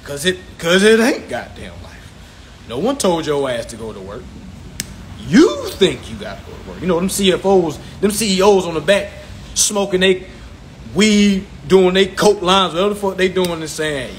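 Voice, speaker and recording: A man's voice: sits high, sing-song, moderate pace, a little hiss or hum. A man teaching viewers about credit in an informal, preachy lecture, swearing a lot for emphasis and repeating his points. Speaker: self-styled credit instructor.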